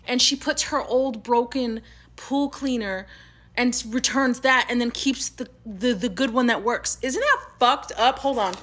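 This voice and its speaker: A woman telling a casual storytime in a fast, profane, gossipy way. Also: a little high, fairly bright tone.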